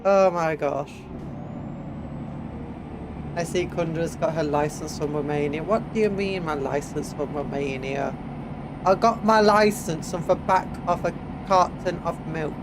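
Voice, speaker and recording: A high, light-voiced man with an English accent talks casually through a gameplay stream, a little sniffly from hay fever. He chats to his viewers and hums bits of tune between remarks. The rumble of truck engines from the game sits clearly behind him. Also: a little slow. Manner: chatty, reads chat aloud, hums little tunes while driving.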